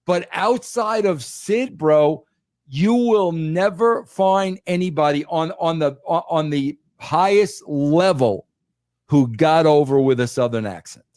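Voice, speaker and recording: A man's voice: on the high side, takes it slowly, darkish tone, dry recording, clean studio sound. An older man in casual podcast chat, talking emphatically and saying "bro" often with many restarts. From New York. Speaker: podcast guest, former wrestling writer.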